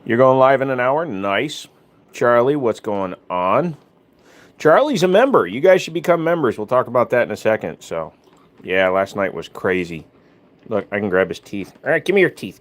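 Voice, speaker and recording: A man hosting a casual live stream with a lively voice whose pitch jumps all over the place. He swears freely and drops into a high, slow singsong when he talks to his dog.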